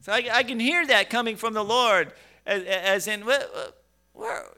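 A man's voice: high voice, normal speed, pushed and bright. A middle-aged male pastor preaching a conversational sermon, with stammering restarts and emphatic bursts.

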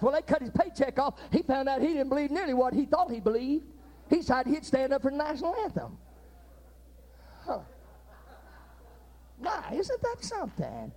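Older preacher, folksy stories, lively up and down pitch, gets loud in bursts. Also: male voice. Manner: folksy storytelling preaching with sudden loud outbursts. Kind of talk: sermon.

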